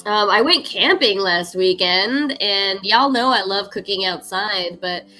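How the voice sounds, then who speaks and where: A woman's voice: mid-range voice, a little slow, sharp tone, faint music behind, rough recording. A woman hosting a cooking livestream, chatting casually and upbeat with her viewers, laughing often and using lots of "like". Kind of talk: casual chat to stream viewers.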